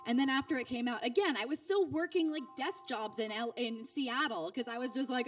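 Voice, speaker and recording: Soft music plays in the background as a woman in her thirties, a voice actor guest, talks fairly quickly with hardly a pause, far from the mic. Her casual interview stories are animated and chatty, packed with fillers and restarts, and she acts out quotes with large pitch leaps.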